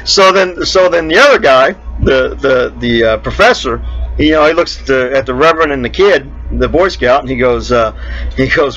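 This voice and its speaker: A man tells jokes in a loose, rambling way and keeps repeating "he goes" between lines. His voice rises and falls with lively pitch, a little higher than most men's. The recording sounds dull and lo-fi. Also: normal speed, faint music behind. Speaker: host telling jokes. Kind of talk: casual joke telling.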